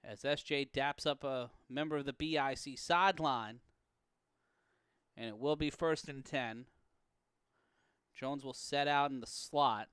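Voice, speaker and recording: A man calling an amateur football game play-by-play, profane and prone to erupting into shouts and laughter on big plays. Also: medium pitch, a little slow, long pauses, smooth, dry recording, clean studio sound. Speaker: play-by-play commentator. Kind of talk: sports commentary.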